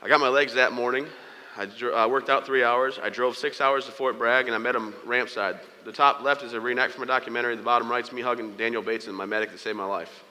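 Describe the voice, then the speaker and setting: A man's voice: medium pitch, fairly even intonation, fast talker, sharp tone, big-room sound. A young man giving a humorous motivational speech, telling stories with playful asides to the audience. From United States. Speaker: keynote speaker.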